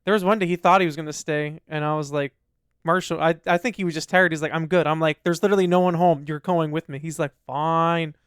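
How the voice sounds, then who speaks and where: A man co-hosting a podcast in casual chat, telling an animated story and acting out what his dog would say. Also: on the high side, fast talker, clean tone, no echo, studio quality. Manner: animated storyteller, acts out his dog's lines. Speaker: podcast co-host.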